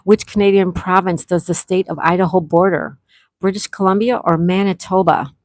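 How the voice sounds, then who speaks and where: A woman runs a casual online quiz, calling out players' names and scores in a friendly, easygoing way. She reads each question twice at a measured pace. The sound is dry and close, with no room around her. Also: lowish voice, steady tone, no room sound, rough recording. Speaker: trivia game host. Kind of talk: casual live-stream quiz hosting.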